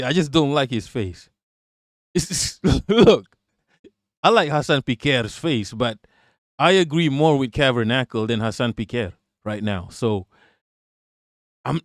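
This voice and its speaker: A man's voice: medium pitch, dry recording, clean studio sound. A man doing casual live-stream political talk and reading chat. He is blunt and profane, laughs often, and repeats himself.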